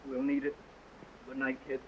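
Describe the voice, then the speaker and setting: A man's voice: medium pitch, completely flat delivery, moderate pace, heavy background noise, close to an everyday voice. An actor in an early sound film playing a reckless young man, sardonic and half-drunk, mocking those around him. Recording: dull early talkie sound with music.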